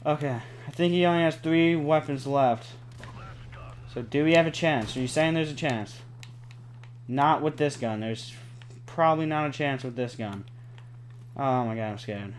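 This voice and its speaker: A young man giving live gameplay commentary, excitable, cursing often and pleading with the game. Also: fairly high pitch, normal speed, slight background noise. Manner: excitable, swears a lot, pleads and groans at the game. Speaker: gaming channel host.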